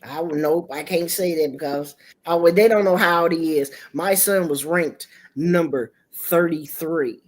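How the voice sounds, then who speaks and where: A middle-aged woman hosting a livestream, telling a family story in casual chat, animated and profane, jumping into quoted voices. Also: sits low, measured pace, hardly any pauses. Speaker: livestream host. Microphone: streaming setup mic.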